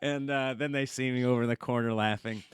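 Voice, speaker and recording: A man, a comedian guest on a podcast, telling a long story in a lively, casual way and acting out the quotes. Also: mid-range voice, fast talker, smooth, no room sound, clean studio sound. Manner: animated storyteller, acts out quotes, laughs often.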